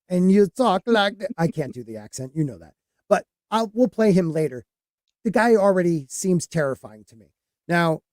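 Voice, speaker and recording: Male podcast host, slightly high, mellow tone, rambling and halting delivery. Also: no room sound, clean studio sound. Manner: rambling, halting with many fillers and restarts. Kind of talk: casual podcast chat.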